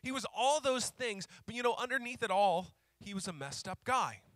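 A male pastor preaching a sermon who slows down to repeat key phrases for emphasis and tells stories in a conversational way. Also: very high-pitched, expressive, fairly bright tone, dry recording, studio quality. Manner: conversational storytelling with fillers.

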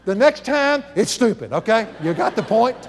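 Folksy older preacher, high voice. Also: male voice, big pitch swings, normal speed, big-room sound. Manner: folksy, chuckling storyteller. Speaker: Bible teacher. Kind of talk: sermon with personal stories.

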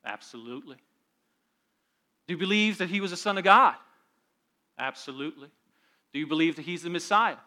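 A preacher playing a sly, smooth devil. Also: male voice, a little high, expressive, brisk, long pauses, pushed and bright. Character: the devil, smooth male church applicant.

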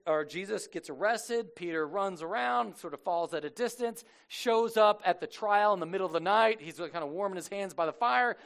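A man preaching a casual sermon as a lively storyteller, slangy and animated, acting out the people he quotes. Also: sits high, vocal fry.

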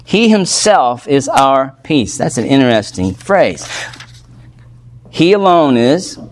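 A man preaching an expository sermon, earnest and emphatic, often pausing to check in with his listeners. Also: medium pitch, sing-song, slight background noise. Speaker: pastor.

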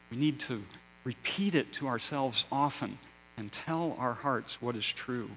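A male pastor delivers a sermon at an unhurried, deliberate pace. His voice sits at a middle pitch, swelling for emphasis and then sinking to near-quiet. A faint electrical hum runs under the recording. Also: rough recording. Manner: slow, measured preaching with rising emphasis and hushed endings.

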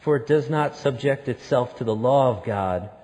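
A man preaching a sermon, telling a story that builds to loud, emphatic peaks. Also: mid-range voice, normal speed, big-room sound. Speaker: pastor.

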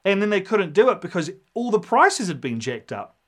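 A man preaching a sermon, animated and storytelling, acting out the voices in his quotes. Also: high voice, normal speed. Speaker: pastor.

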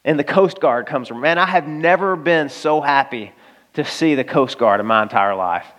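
A man from Arkansas preaching a sermon, telling a personal story in a lively, conversational way and speaking straight to his listeners. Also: mid-range voice, normal speed. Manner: animated storytelling, conversational, addresses listeners directly. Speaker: pastor.

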